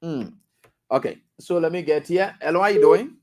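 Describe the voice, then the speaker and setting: A man with a Liberian accent hosting a radio call-in show, brisk and quick to laugh, hurrying callers along. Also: fairly high pitch, darkish tone. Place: radio studio.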